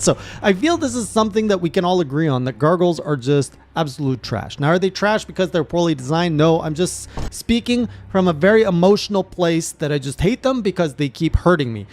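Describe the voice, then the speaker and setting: A man, a gaming streamer, recapping his playthrough in casual narration with animated, excited reactions. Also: high-pitched, a little hiss or hum.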